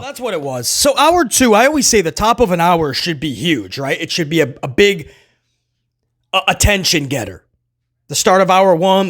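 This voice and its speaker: Guy with a pretty high voice doing a chill wrestling recap, chatty, keeps saying man. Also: fairly bright tone. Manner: loose and chatty, often says "man", chuckles. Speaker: wrestling show host. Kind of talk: casual solo recap commentary.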